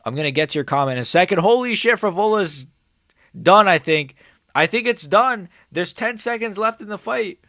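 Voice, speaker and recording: Excitable young man reacting to fights live. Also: high-pitched, normal speed, no room sound, clean studio sound. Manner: excitable, swears a lot, says "bro" often; swings between shouted outrage and quiet muttering. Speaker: MMA reaction streamer.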